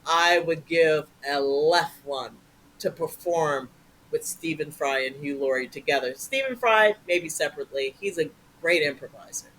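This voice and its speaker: A man's voice: a little high, moderate pace, slight background noise, rough recording. A man, an improv performer, chatting enthusiastically as an interview guest, full of jokes and praise for his colleagues. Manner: animated, enthusiastic, jokey. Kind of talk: casual interview chat.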